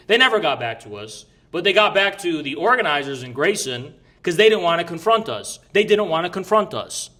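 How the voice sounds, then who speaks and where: A man's voice: fairly high pitch, very animated, a little fast, hardly any pauses, sharp tone. A man telling a story in casual chat, brash and profane, rambling with restarts. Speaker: podcast guest recounting an event.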